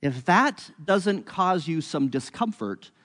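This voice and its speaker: A man teaching a bible passage, telling the story in an animated, conversational way. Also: on the high side, slow, in a large hall.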